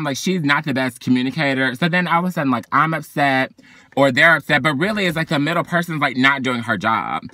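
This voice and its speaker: A young man vents to camera from his parked car with sassy, theatrical flair, his voice sitting fairly high. The tone is bright and forceful. The sound is close and dry, with no room echo. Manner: sassy, dramatic, swings from loud outbursts to weary sighs. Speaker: vlogger. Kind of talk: venting monologue to camera.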